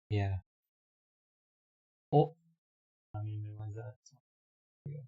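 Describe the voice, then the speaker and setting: A hoarse young man streaming live, chatting casually, reading his chat aloud and laughing often. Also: lowish voice, takes it slowly, warm tone, lo-fi sound.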